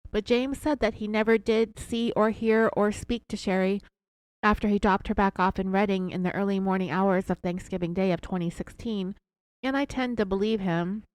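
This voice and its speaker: A woman narrates a true crime case for her podcast in a measured, steady voice. She adds her own brief asides as she goes. She sits close to the mic in a dry, dead room with no echo. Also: medium pitch. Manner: measured retelling with personal asides. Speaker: podcast host.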